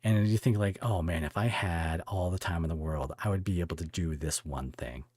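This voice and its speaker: A male podcast host with a very low, husky voice, asking rambling questions full of halting restarts. The sound is close and dry, with no room to it. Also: a little mellow, no echo. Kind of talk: casual podcast interview.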